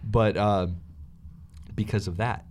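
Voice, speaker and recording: A man's voice: lowish voice, fairly even intonation, slow pace, darkish tone. A man co-hosting a casual podcast, playfully laying out a theory at length. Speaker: podcast co-host. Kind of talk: casual chat.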